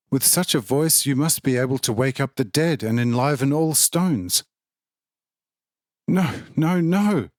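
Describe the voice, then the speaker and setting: Awestruck excitable man, as read by a male narrator, exclaims high and eager, dry close sound. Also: no echo.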